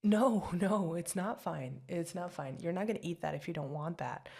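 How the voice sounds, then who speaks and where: A woman's voice: lowish voice, normal speed, creaky, dark tone, husky. A young woman voicing an apologetic, chatty girlfriend in an ASMR girlfriend role-play, rambling and giggly. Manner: rambling, giggly and self-deprecating. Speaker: voice actress.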